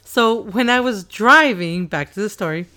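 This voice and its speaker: Laughing, rambling mom chatting casually. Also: female voice, mid-range voice, moderate pace, pushed and bright. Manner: rambling, laughs often, teasing. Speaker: podcast host and mother. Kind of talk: casual family chat.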